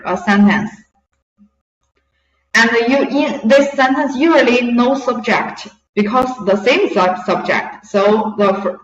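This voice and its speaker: Slow, patient woman teacher. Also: a little high. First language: Mandarin Chinese. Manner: slow, patient explaining, switching between English and Mandarin. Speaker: Chinese teacher. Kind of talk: language lesson explanation. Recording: echoey, distant, dull lo-fi room recording.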